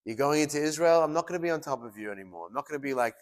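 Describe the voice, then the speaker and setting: Rabbi who tells stories in lively voices. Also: male voice, rapid-fire. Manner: storytelling, acts out voices with big pitch swings. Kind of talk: Torah portion class.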